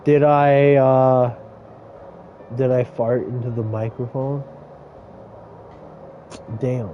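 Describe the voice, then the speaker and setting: A man's voice: medium pitch, flat delivery, very slow, phone-quality sound, slight background noise. A man casually commenting on a game he plays, rambling into crude, joking stories. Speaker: gaming streamer. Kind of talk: casual let's-play commentary.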